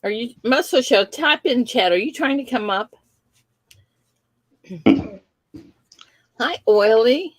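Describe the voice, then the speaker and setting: Lively older woman hosting a livestream. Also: fairly high pitch, takes it slowly, long pauses, slight background noise. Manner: chatty, laughing, fussing with tech. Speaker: livestream host. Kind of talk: casual livestream chat.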